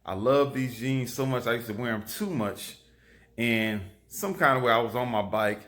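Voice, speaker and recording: Man, casual vlog storytelling, animated, filmed on a phone. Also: mid-range voice, moderate pace. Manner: animated, repetitive, lively storytelling. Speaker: vlogger. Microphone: phone camera.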